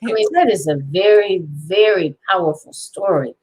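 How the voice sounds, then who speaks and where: A woman's voice: lowish voice, moderate pace, darkish tone, husky, poor audio. A woman hosting a talk show, sounding moved and affirming after a guest's story. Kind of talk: casual chat.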